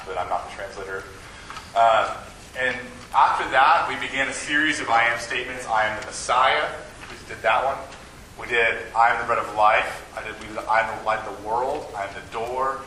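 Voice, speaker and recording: A man preaching in a chatty, self-deprecating way, his voice bright and forward. He is picked up from a distance in an echoey room. A faint hum of ambience sits underneath. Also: fairly low pitch. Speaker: campus ministry preacher. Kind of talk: informal sermon. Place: meeting room with an audience.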